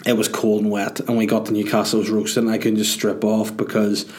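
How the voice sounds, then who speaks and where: A Northern Irish man in his thirties talks alone into the mic from his dining room as a podcast host. His voice sits a bit low. He rambles through tangents with self-mocking, sweary jokes. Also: completely flat delivery, fairly quick. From Northern Ireland. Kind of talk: solo casual podcast monologue.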